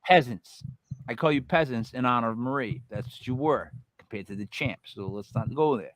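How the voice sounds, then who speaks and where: A man's voice: medium pitch, a little fast, no room sound, low-quality recording. An American man hosting a podcast in a loose, joking way. He is blunt and swears without a second thought. His voice sits in a middle range and sounds dry, with almost no room around it. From United States. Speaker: podcast host. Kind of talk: casual podcast chat.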